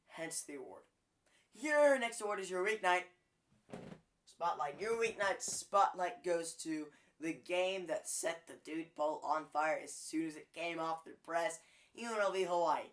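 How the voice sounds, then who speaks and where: A man's voice: fairly high pitch, a little slow, a bit bright, slight background noise. Guy doing a college football awards segment, loose and jokey, lots of ums. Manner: chatty, jokey, frequent fillers. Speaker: sports podcast host. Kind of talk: casual sports commentary.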